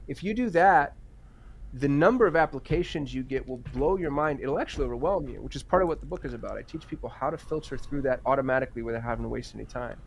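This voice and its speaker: A man guest on a podcast interview, an entrepreneur and author who talks in energetic, emphatic runs of lists. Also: medium pitch, fast, creaky, a little hiss or hum.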